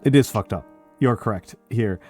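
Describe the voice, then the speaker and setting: A man's voice: lowish voice, normal speed, dark tone, soft background music. A man from Northern Illinois with a general American accent, chatting on a group voice call and often repeating himself insistently. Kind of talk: casual chat.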